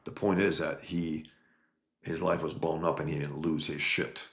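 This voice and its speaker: In an echoey room, a livestream host with a very deep, gravelly, slightly bright voice reads out chat messages. His tone stays level and his pace unhurried, yet he rambles emphatically and keeps restarting his sentences during this casual stream.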